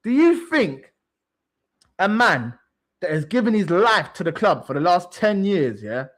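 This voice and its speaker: A man's voice: high voice, very animated, measured pace. A man, co-hosting a football talk show in a heated, casual rant, emphatic and repetitive, swearing freely.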